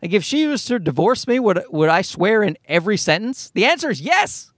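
A man's voice: high voice, sing-song, a little fast, no room sound, studio quality. A man hosting a comedy podcast, ranting in a worked-up way and swearing freely. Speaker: podcast host.

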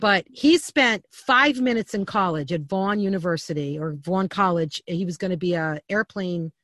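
A middle-aged woman telling family stories as an interview guest, animated and candid, often restarting her sentences. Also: fairly low pitch, moderate pace, dry recording, clean studio sound. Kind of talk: storytelling in a podcast interview.

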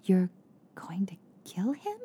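A brisk, no-nonsense hospital nurse, voiced by a woman narrator in an audiobook. She speaks in short, clipped sentences. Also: low voice, steady tone, dark tone, natural voice.

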